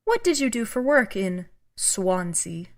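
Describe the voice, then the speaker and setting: Cold inhuman customs officer. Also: female voice, medium pitch. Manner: calm, cold, measured and menacing. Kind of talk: audio drama acting.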